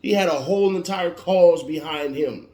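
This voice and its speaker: A man's voice: on the high side, moderate pace, a little mellow. A man giving an emphatic motivational monologue, warning and repeating his points like a preacher. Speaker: motivational speaker. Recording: roomy echo.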